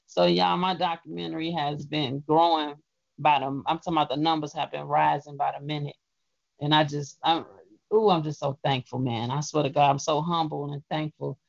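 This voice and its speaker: A woman hosting a casual radio talk show, telling her news in an animated, emphatic way. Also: sits low, moderate pace, gravelly, no echo. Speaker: poet and show host. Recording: dull, lo-fi call-in audio.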